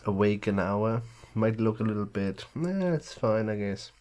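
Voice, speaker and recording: Still sounding groggy from waking, a man streams a game and chats in a rambling, loose manner, swearing casually. His voice is on the low side, darkish in tone, animated and a little slow.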